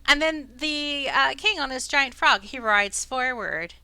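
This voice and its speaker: A woman's voice: high-pitched, unhurried, sharp tone, no echo. A woman narrating a tabletop game as game master, rambling with fillers.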